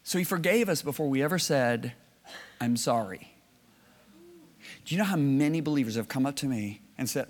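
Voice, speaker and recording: A man preaching a sermon, telling stories and swinging from low, hushed lines to loud shouted bursts. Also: expressive, moderate pace, pauses often, in a large hall.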